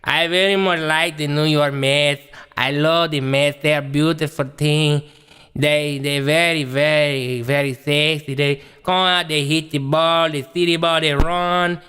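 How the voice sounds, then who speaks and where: A man's voice: a little high, steady tone, measured pace, sharp tone, smooth. A man voicing a cheerful immigrant man caller with a mock accent and broken English, in an echoey hall. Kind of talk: comedy sketch role-play.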